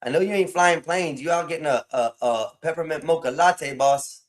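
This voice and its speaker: A man's voice: fairly high pitch, normal speed. A man hosting a casual livestream, rambling and repeating phrases as he talks to his chat. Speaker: livestream host.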